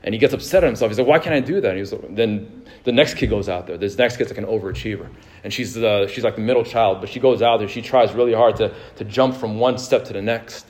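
A male pastor delivers a sermon in a lowish voice at a quick pace, moving from fervent exhortation into calm storytelling. His fervor rises before settling into that calmer narrative tone, and he uses frequent fillers and repeated words.

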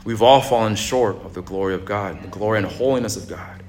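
A man preaching a sermon in a relaxed, conversational way, with jokes and asides to the congregation. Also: lowish voice, fairly quick, slight background noise. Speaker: pastor. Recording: echoey room.

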